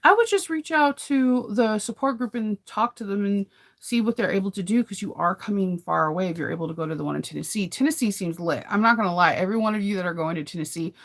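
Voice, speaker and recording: A woman's voice: mid-range voice, quick pace. A woman hosting a casual live chat with viewers about sewing, rambling and laughing often. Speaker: sewing channel host.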